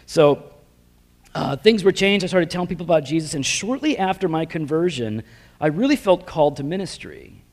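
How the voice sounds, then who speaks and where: A man's voice: a little high, animated, normal speed, a little mellow. Man telling his story in a reverberant hall. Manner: casual, self-deprecating storytelling with slang fillers. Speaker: preacher giving his testimony. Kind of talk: personal testimony talk. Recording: long reverb of a large hall.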